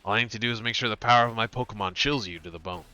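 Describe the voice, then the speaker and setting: A man reading the lines of an aloof young male snowboarder gym leader from a video game, quiet, flat and brooding. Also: fairly low pitch, very fast, faint music behind. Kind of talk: reading game dialogue aloud.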